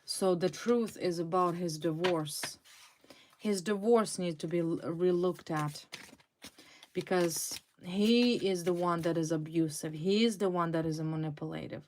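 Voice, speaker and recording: Woman tarot reader, slow, fairly low voice, intense, repeats words. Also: a little mellow, slight background noise. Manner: intense, repetitive, dramatic emphasis. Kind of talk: tarot reading to viewers.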